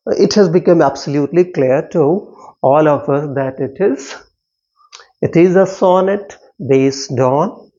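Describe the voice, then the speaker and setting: A man explains a poem line by line at a very slow, deliberate pace. He repeats words, corrects himself, and stretches out syllables as he sounds out words. His voice sits a little high and comes through a dull, lo-fi recording. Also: a little mellow. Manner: slow, halting delivery with many repetitions and self-corrections. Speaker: English literature teacher. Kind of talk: line-by-line poetry lesson.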